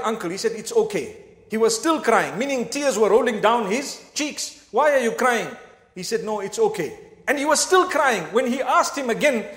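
A man's voice: high-pitched, a bit bright, echoey room, in a large hall. A man preaching a sermon in a mosque, earnest and speaking straight to his listeners with questions. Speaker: Islamic preacher.

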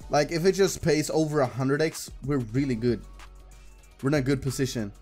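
Excitable young man commenting on slots. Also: medium pitch, moderate pace, faint music behind. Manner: excitable, swearing, talks to the screen. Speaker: gambling streamer. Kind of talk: casual live slot commentary.

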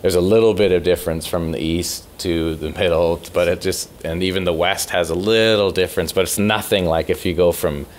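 A man's voice: sits low, fairly even intonation, brisk, hardly any pauses. A man talking casually as an interview guest, rambling with repeated words and easy laughs. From Canada. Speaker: podcast host as interview guest. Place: music store.

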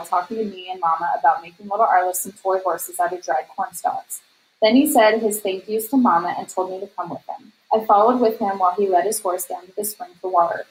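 A woman reading a novel aloud at a steady, measured storytelling pace. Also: medium pitch, low-quality recording. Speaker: reader.

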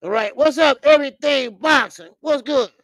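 A man's voice: very high voice, moderate pace, fairly bright tone, no room sound. A man hosting a boxing livestream in loose, talkative chat, laughing often and repeating himself. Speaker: boxing channel host.

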